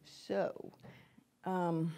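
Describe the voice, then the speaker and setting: A woman delivers a lecture to a live audience, chatty and animated in tone. She speaks as a psychic medium and addresses her listeners directly, often breaking into laughter. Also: lowish voice, drawn-out words, vocal fry.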